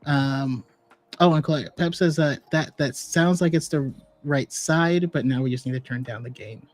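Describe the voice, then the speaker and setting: Relaxed, slightly high-voiced man hosting a casual chat. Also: moderate pace. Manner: relaxed, chatty, easygoing. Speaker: podcast host. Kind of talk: casual online discussion.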